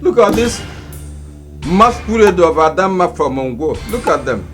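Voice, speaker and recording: Brief: an actor voicing an arrogant Nigerian village man, mocking and commanding, with a lively high voice and a film score under him. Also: normal speed, over music. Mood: scornful. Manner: scornful, lecturing, mocking. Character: arrogant greedy middle-aged man seizing land. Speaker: domineering brother-in-law.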